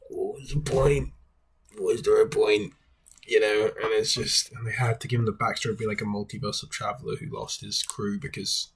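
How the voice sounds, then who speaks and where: A man hosts a video essay in a casual, critical way. His voice is breathy and strongly husky at a mid pitch. He talks in a wry, rambling manner.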